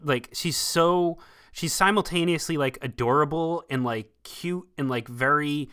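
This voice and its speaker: Man, podcast host, bright and forceful tone, animated film chat. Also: a little high, a little slow, smooth. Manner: animated and enthusiastic. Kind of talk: casual film review chat.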